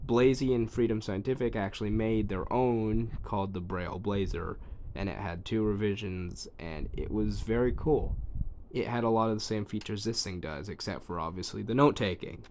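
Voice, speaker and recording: A man's voice: on the low side, normal speed, a little mellow, slight background noise. A man casually demonstrating an old gadget, thinking aloud with ums and trailing asides, recorded on a phone. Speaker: tech reviewer demonstrating a device. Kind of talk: casual hands-on demo.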